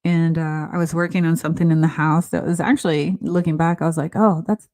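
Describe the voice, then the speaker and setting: Earnest middle-aged woman, podcast host, low mellow voice, halting and reflective. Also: steady tone. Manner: earnest, halting, restarts often. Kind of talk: casual heartfelt conversation.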